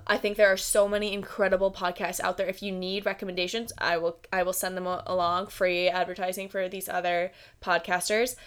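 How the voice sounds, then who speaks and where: A woman's voice: medium pitch, fairly bright tone. A young woman from the United States hosting her own podcast, chatting casually with lots of "like" fillers and giggles. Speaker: podcast host. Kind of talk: casual solo podcast chat.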